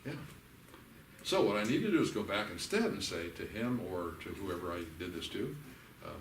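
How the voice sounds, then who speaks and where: An older man with a lowish voice leads a workshop in a church hall. He talks in a folksy, animated way and slips into the voices of people in his stories. He is recorded from a distance, in an echoey room with faint ambience. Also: normal speed, a little hiss or hum. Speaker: workshop leader. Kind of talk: workshop teaching.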